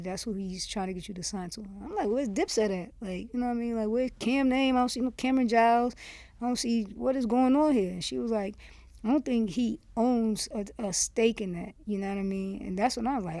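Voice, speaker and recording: A woman from Miami, a podcast guest telling a story in a candid, animated way, acting out quoted dialogue. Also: mid-range voice, fairly quick, dry recording. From Miami, USA. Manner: candid and animated, acts out quoted dialogue, lots of "you see what I'm saying". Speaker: podcast guest, former rapper. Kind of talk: casual storytelling in an interview.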